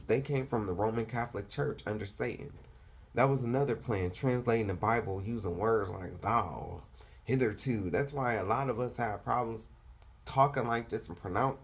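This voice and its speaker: A male preacher lecturing with fire and confrontation. His voice sits low and comes out husky, hammering each point. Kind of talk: sermon.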